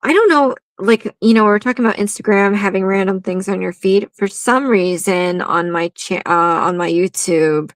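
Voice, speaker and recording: A woman's voice: medium pitch, normal speed, hardly any pauses, no echo. A woman hosting a live nail art stream, chatting casually, laughing often and reading viewer comments aloud.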